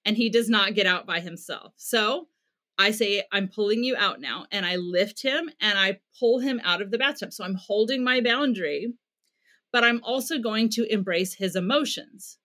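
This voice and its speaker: A woman's voice: medium pitch, moderate pace, pushed and bright. A middle-aged woman, a parenting expert, answering in an interview and explaining her methods earnestly, acting out short bits of dialogue as examples.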